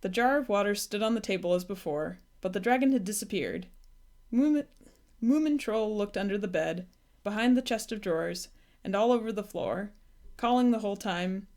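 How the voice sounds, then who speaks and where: A woman reading a children's storybook aloud in a gentle, unhurried way. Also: medium pitch. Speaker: storybook reader.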